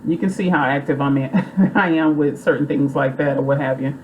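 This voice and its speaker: A woman with a low voice recaps a movie plot in a rambling, chatty way, loose and full of fillers. A faint hiss of noise sits under her voice. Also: steady tone, fairly quick, darkish tone, highs cut off. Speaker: movie reviewer.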